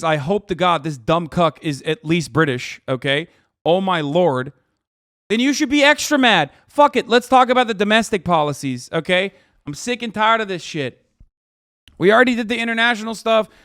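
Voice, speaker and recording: A man livestreaming, ranting angrily and profanely at his chat and often shouting. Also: high voice, dry recording, studio quality.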